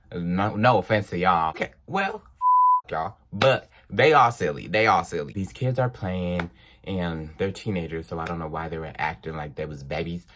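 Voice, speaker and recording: A young man telling a personal story in a casual storytime vlog, animated and acting out the people in it. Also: sits low, noisy background. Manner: animated, acts out voices, drawn-out exclamations. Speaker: vlogger.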